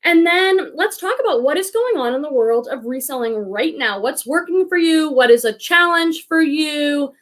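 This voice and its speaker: A woman's voice: sits high, expressive, moderate pace, few pauses. A woman hosting a live reselling stream in a bubbly, enthusiastic chat, a little out of breath. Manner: bubbly, enthusiastic, addresses viewers as friends. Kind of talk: chatty livestream hosting.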